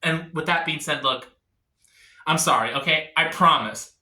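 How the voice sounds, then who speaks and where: A man doing a stand-up comedy set on a live stage, telling animated stories and jumping into voices. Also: on the high side, normal speed. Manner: jumps between voices, animated storytelling. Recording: echoey room.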